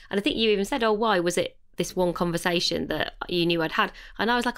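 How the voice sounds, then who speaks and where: A woman's voice: mid-range voice, fast, hardly any pauses, fairly bright tone. A woman co-hosting a podcast, talking in a reflective, hesitant way with many fillers. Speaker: podcast co-host. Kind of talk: casual podcast chat.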